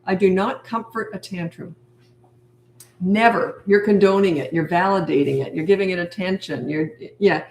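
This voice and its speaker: A woman's voice: lowish voice, moderate pace, darkish tone, roomy sound, slight background noise, rough recording. A woman parenting coach answering viewer questions on a live stream, blunt and firm, repeating her points. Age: older. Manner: blunt, firm, repetitive phrasing.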